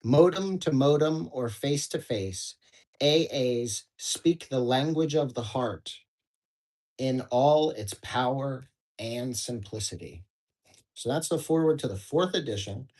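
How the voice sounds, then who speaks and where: A man's voice: mid-range voice, lively intonation, unhurried, darkish tone, poor audio. A man from the United States hosting a daily book study, reading passages aloud and breaking off into casual, rambling, profane commentary full of fillers. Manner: casual, rambling, swears freely, many fillers.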